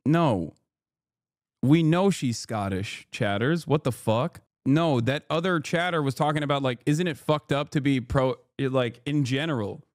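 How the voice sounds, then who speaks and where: A man's voice: medium pitch, no echo, studio quality. A man streaming and reacting to clips in casual, profane, sarcastic commentary. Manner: profane, sarcastic, quick asides.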